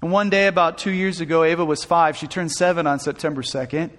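A pastor from Southern California tells an emotional personal story as part of a sermon, restarting phrases as his intensity builds. His voice is a little high and fairly bright, with a steady tone, and he talks fast. The recording has long hall reverb.

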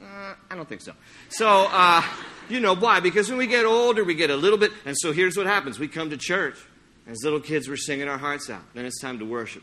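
A middle-aged man preaching a sermon in a church, lively and storytelling, acting out little scenes as he goes. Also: on the high side, a little fast, a little hiss or hum. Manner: animated, acts out anecdotes with playful sung impressions. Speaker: pastor. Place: church sanctuary.

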